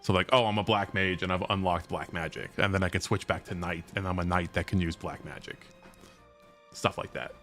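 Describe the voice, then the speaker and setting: A man's voice: low-pitched, steady tone, fairly quick, a bit bright, faint music behind. A man streaming a video game, chatting casually and joking with his viewers. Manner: chatty and joking, reads game text aloud. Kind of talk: casual let's-play chat.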